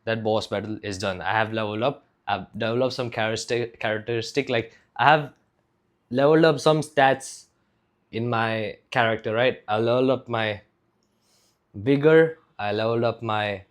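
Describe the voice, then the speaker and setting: A young man from India talks straight to camera in a loose, rambling vlog. His voice sits at an ordinary middle pitch, and his talk runs on filler words and casual swearing. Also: moderate pace. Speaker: fitness vlogger.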